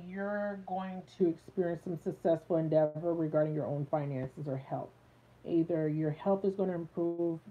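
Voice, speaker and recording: A woman giving a live tarot reading to her viewers, chatty with many fillers, speaking into a phone set a little way off. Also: low voice. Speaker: tarot reader. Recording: tinny phone-like sound.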